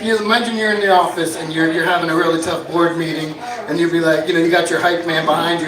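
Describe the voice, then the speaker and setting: A man with a high voice works through a stand-up set of dry one-liners, now and then shouting out a bit. He sounds set back from the mic, and the bar room around him echoes. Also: distant mic. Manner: jokey deadpan one-liners, bursts into shouted bits. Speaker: stand-up comedian. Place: inn bar with live audience.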